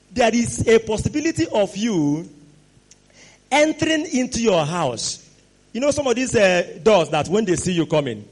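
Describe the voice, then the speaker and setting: A man preaching a sermon, animated and exclamatory, sometimes rising to shouts. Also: high-pitched.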